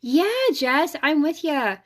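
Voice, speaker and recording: A woman's voice: sits high, slow. A woman energy healer hosting her own vlog, talking casually, frankly and emphatically, sometimes swearing. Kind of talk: casual spiritual vlog talk.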